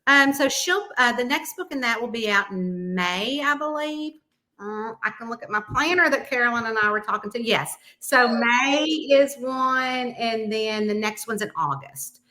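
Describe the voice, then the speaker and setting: A middle-aged woman with a Southern American accent, chatting lively as a guest author and laughing often. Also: a little high, moderate pace. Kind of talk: casual chat.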